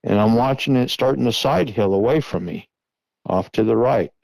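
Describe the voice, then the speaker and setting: A middle-aged man earnestly retelling a tense encounter in the first person, now and then shouting out the calls he made. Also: medium pitch, moderate pace, creaky, dry recording, low-quality recording. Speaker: guest recounting an encounter.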